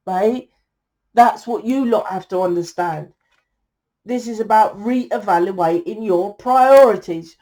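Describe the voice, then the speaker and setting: A woman's voice: medium pitch, a little mellow. A woman giving a tarot reading to her viewers, blunt and exasperated, scolding them and swearing freely. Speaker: tarot reader.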